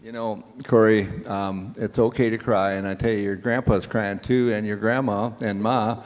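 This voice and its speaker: A man's voice: lowish voice, flat delivery, moderate pace. A man emceeing a graduation ceremony in a folksy, joking way, calling people up. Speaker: auctioneering school emcee. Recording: long hall reverb.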